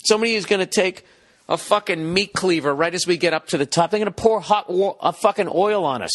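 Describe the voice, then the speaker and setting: A man's voice: high-pitched, fast, a bit bright. A man, ranting profanely and incredulously in a casual comedic monologue. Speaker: podcast host.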